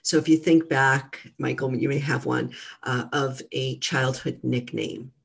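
Middle-aged female guest coach, gentle delivery, husky and slightly gravelly. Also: extremely low pitch, steady tone, a little slow. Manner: gentle, warm coaching tone with many fillers. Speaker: guest, mental fitness trainer. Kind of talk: casual interview talk.

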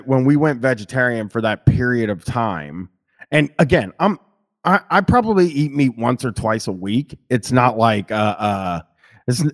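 A man co-hosting a casual conversation in an ordinary mid-range voice. He talks loosely, starting sentences over and over. He swears casually and laughs often as he goes. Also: mid-range voice. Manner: rambling, frequent restarts and swearing, laughs easily. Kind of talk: casual chat.

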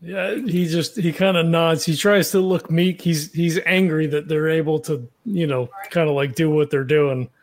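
A man with a slightly higher voice playing a tabletop game. He rambles as he thinks his ideas through out loud. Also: steady tone, moderate pace, few pauses. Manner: rambling, many fillers. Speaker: player. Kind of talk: casual tabletop game play.

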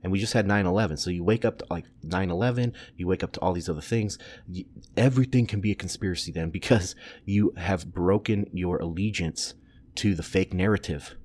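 A man's voice: low-pitched, a little fast, a little mellow. A man in his thirties hosting a solo commentary podcast, blunt and opinionated, swearing and rambling through restarts. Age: 30s. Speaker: podcast host.

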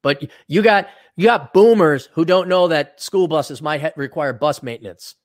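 A man with a somewhat high voice riffs bluntly and sarcastically while reading out viewer donations. He talks casually, close to the mic in a dry, deadened room. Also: normal speed, no room sound. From Wisconsin. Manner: blunt, sarcastic, acts out mocking quotes. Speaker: podcast co-host.

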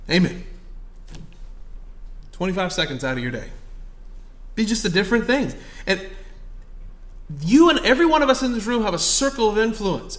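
A man preaching a sermon at a conference, telling stories in a conversational tone and building to loud, urgent exhortation. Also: high voice. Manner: conversational, swings from quiet storytelling to loud exhortation.

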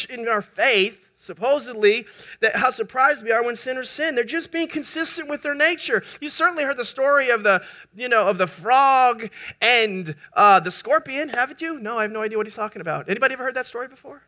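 Bright high-voiced pastor preaching. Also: male voice, normal speed. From United States. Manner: animated, jokes with the congregation. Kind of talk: sermon.

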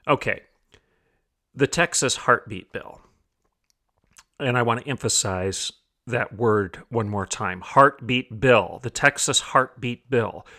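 A man's voice: medium pitch, sharp tone. A man hosting a commentary show, talking emphatically, repeating phrases for stress and asking rhetorical questions. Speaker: podcast host. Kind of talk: opinion commentary monologue.

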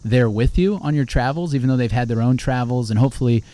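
A man's voice: mid-range voice, fast talker, mellow. A man hosting a casual podcast interview, easygoing, asking questions with fillers and restarts. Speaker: podcast host.

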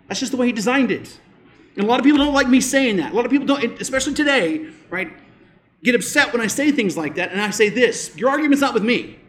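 Emphatic high-voiced male preacher. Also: animated, fast talker. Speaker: pastor. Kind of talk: sermon.

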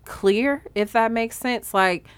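A woman co-hosting a podcast, talking blunt and animated in casual chat with slang and swearing. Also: on the high side, slow, clear, resonant tone, dry recording. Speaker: podcast co-host.

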